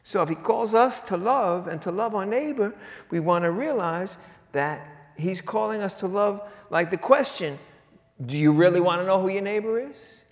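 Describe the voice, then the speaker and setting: Male preacher, slightly high voice, punchy rhetorical questions, big echoing sanctuary. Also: moderate pace, lo-fi sound. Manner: swings between loud and hushed delivery. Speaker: pastor. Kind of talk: sermon. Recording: long reverb of a large hall.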